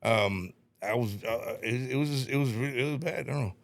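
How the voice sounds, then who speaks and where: A man's voice: mid-range voice, fairly quick. A middle-aged man telling stories in casual podcast chat, repeating words, swearing and laughing as he rambles. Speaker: podcast guest.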